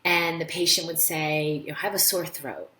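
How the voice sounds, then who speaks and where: A woman doctor with a low voice hosts a casual live-stream talk in an echoey room, speaking at a moderate pace. She explains health ideas and tells animated stories, acting out the voices of people she quotes.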